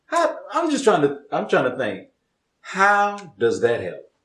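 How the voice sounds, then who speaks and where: Animated laughing male co-host. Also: high voice, measured pace. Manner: animated, laughing, preacher-like emphasis. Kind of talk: casual chat. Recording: roomy room echo.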